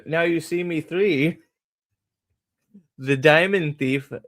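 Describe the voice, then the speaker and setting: A man's voice: on the high side, takes it slowly, pauses often, a bit bright. A man hosting a casual livestream, rambling, swearing and mocking as he reads comments and talks to chat. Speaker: host.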